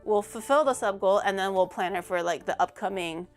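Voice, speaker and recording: A woman's voice: medium pitch, a little fast, soft background music. Chatty woman hosting a livestream. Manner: chatty, many fillers, bubbly. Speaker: livestream host. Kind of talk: casual chat.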